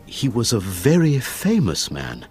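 A man voicing an anxious middle-aged banker in an audiobook, speaking quietly and hesitantly. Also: mid-range voice, huge pitch swings, measured pace, soft background music.

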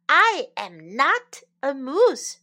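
Woman doing a puzzled storybook cow, high voice, slow drawn-out lines. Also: big pitch swings, sharp tone, exaggerated voice. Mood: exclaiming. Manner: exclamatory, drawn-out. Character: patient, puzzled female dairy cow.

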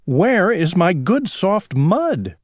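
A man voicing a small male pig who loves mud, in a high, squeaky storybook voice. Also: big pitch swings, slow, no room sound, clean studio sound, heavily acted. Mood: puzzled.

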